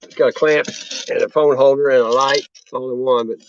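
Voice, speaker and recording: A man's voice: medium pitch, steady tone, fairly quick, slight background noise. A man hosting a casual chat over drinks, rambling and laid-back with profane talk. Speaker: host. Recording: dull lo-fi sound.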